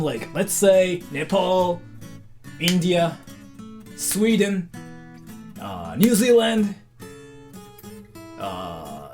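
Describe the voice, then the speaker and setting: Young streamer from Japan, hard-to-place mixed English accent, native Japanese speaker, lively swooping pitch, rambling casual chat, faint guitar music behind. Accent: unusual mixed English accent, hard to place. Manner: rambling and animated, says freaking often.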